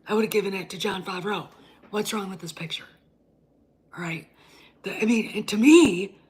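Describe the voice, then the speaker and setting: Husky and mid-range, the voice belongs to a woman host tearing into an opinion rant on her own show. She's combative and blunt, with plenty of swearing and sentences she keeps starting over.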